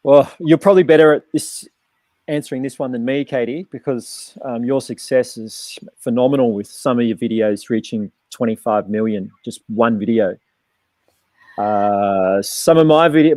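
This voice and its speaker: A man speaking as a guest activist, giving blunt, forceful advice and repeating phrases. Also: medium pitch, no room sound. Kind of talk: casual chat.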